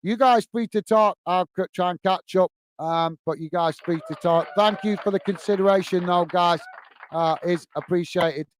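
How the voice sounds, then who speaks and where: A man's voice: high-pitched, moderate pace, a little hiss or hum. A man hosting a live football watch-along, reading viewers' chat messages aloud and chatting back casually. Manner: reads viewer comments aloud, friendly and chatty. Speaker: livestream host reading chat.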